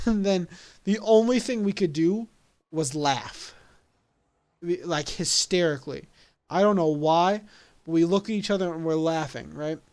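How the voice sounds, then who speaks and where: A young man telling a story casually, animated and laughing along at his own story. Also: fairly high pitch, measured pace. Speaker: vlogger.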